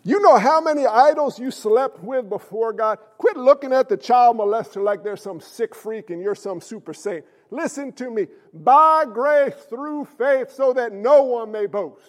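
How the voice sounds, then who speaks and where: A male pastor preaches a fiery, blunt sermon full of folksy talk, his voice riding very high for a man. A long reverb trails his words through the church sanctuary. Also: measured pace, few pauses.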